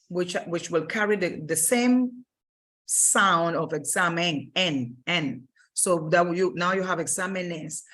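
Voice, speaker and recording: In a recorded Spanish grammar lesson, a woman with a fairly low voice explains things patiently, step by step. She often pauses to rephrase.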